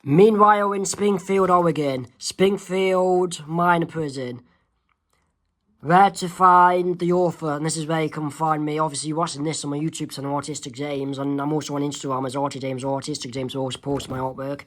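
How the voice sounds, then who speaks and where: Man haltingly reading his comic aloud. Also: fairly high pitch, fairly even intonation. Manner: halting, with fillers and self-corrections. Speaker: amateur comic artist, channel host.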